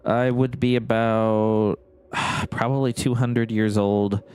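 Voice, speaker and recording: Low slow dude rambling thru a game, keeps correcting himself, chuckles a lot. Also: male voice, a little mellow, clear, resonant tone. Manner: musing, self-correcting, chuckling asides. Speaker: let's-play host. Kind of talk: rambling gameplay commentary.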